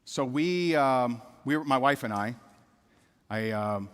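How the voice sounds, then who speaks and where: A man's voice: mid-range voice, animated, slow pace, clear, resonant tone. A middle-aged man giving a motivational speech, telling a personal story with candid repetition and asking the audience questions. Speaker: keynote speaker. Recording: reverberant hall.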